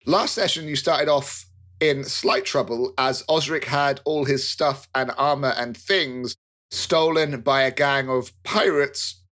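A man's voice: mid-range voice, fairly even intonation, takes it slowly, fairly bright tone. A man hosting an actual-play podcast as dungeon master, jokey and upbeat. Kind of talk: casual podcast banter.

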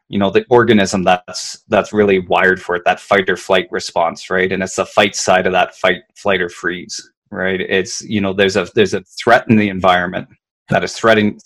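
A leadership consultant explains emotions in a conversational way, his deep voice a bit bright. He often repeats words and checks in with "right?"

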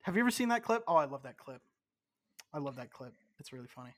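This podcast co-host has a mid-range male voice and keeps a moderate pace. A bit tipsy from drinking, he rambles and swears through casual banter, frequently stumbling and restarting his sentences.

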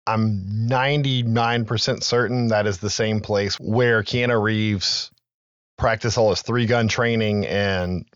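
A man's voice: lowish voice, steady tone, a little slow, smooth, no echo, muffled recording. A man co-hosting a podcast, chatting casually as he recaps film trivia with loose asides and some profanity. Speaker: podcast co-host.

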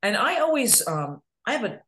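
Middle-aged woman from new york, chatty, laughing, lively up-and-down pitch. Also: moderate pace. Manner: chatty, laughs often, animated storytelling. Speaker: podcast guest, real estate agent. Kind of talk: casual chat.

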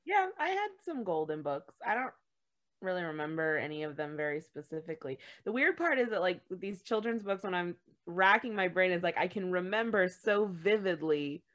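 A woman's voice: lowish voice, very animated, moderate pace, fairly bright tone, lo-fi sound. Chatty woman in casual conversation. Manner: chatty, playful, upbeat. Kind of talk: casual chat.

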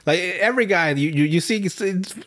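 A man's voice: sits high, brisk, fairly bright tone. A young man hosting a podcast, recapping a TV episode in casual chat, rambling and profane, with frequent laughs and restarts. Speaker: podcast host.

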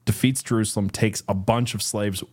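A man with a somewhat low voice talks casually as a co-host. He thinks out loud in a rambling way and often restarts his sentences. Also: steady tone, fairly quick, husky. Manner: thoughtful, rambling, with many fillers and restarts. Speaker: co-host of Bible study. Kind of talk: casual conversational commentary.

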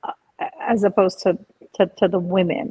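A woman co-hosting a casual podcast chat, telling a family story in a reflective, halting way with frequent restarts, mixing in phrases. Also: medium pitch, steady tone, mellow, breathy edge, low-quality recording. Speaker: podcast co-host.

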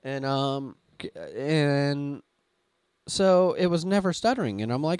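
A man's voice: fairly high pitch, a little slow, clean tone, no echo, clean studio sound. A young adult man hosting a podcast, telling stories animatedly in casual chat. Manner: animated storytelling, swears casually. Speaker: podcast host.

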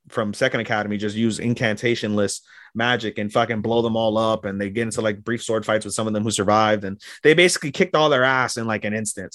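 A man's voice: mid-range voice, fairly bright tone, dry recording, studio quality. A man hosting an anime podcast who chats casually and swears a lot while he recaps episodes in a rambling way. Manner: rambling, profane, with lots of fillers and restarts. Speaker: podcast host.

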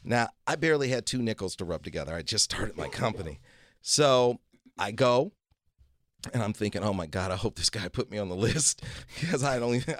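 A man's voice: medium pitch, a bit bright, no room sound, studio quality. A man telling a long story as a guest, acting out other people's lines in his own voice and repeating "he goes". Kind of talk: casual storytelling.

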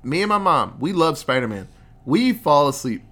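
A man in his thirties chatting casually about movies, animated and profane, jumping into character voices. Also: moderate pace. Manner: animated, profane, acts out characters with big pitch jumps. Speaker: podcast co-host. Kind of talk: casual movie review chat.

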